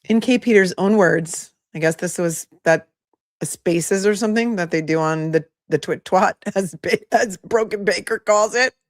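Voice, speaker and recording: A woman's voice: medium pitch, moderate pace, dry recording, studio quality. A woman with a Boston accent hosting commentary on a court hearing, sarcastic and full of rhetorical questions. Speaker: host.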